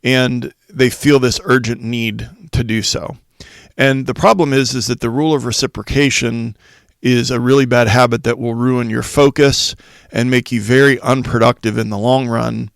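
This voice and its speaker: A man's voice: mid-range voice, fairly even intonation, normal speed, vocal fry, no echo, studio quality. A man hosting a solo podcast, explaining ideas point by point in a casual, unscripted way with some fillers and restarts. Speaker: podcast host for school leaders.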